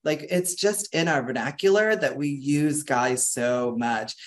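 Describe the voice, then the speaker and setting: An educator leading an interactive online workshop over a video call, talking in a lively, chatty way with restarts and fillers. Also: measured pace. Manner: acts out quoted people with big pitch jumps. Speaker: webinar presenter and educator.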